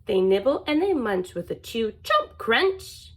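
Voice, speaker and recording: A woman reading a picture book aloud in a playful, sing-song way. Her voice is fairly high and lively, swooping up and down, and she takes her time. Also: unhurried, poor audio. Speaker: narrator.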